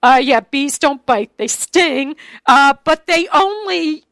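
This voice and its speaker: A woman's voice: high-pitched, animated, takes it slowly, fairly bright tone, dry recording. A woman interviewing guests, chatty, and telling stories in a casual conversation. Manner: chatty storyteller.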